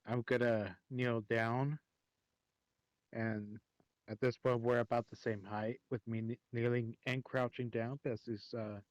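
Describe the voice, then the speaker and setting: A man playing a tabletop game, describing his character's actions with many pauses and restarts. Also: mid-range voice, level tone, no room sound. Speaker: player.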